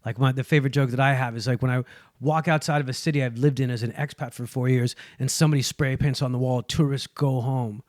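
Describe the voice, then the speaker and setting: A man's voice: medium pitch, fast talker, few pauses, no echo, clean studio sound. A man, a guest comedian, chatting casually on a podcast and acting out quotes as he tells stories. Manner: animated storyteller, acts out quotes.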